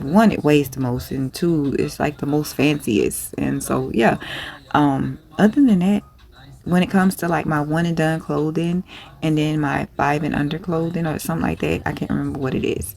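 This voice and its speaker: A woman's voice: low-pitched, normal speed, gravelly, a little mellow. A woman who sells clothes online, talking in a casual vlog in a rambling, blunt, profane way. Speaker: small online clothing seller.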